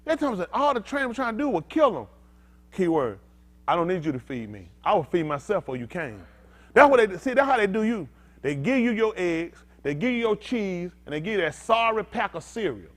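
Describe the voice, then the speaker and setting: Pastor guy preaching loose and animated, high voice all over the place, aave. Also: a little fast. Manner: animated, conversational, swings from loud to quiet. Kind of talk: informal preaching to a congregation.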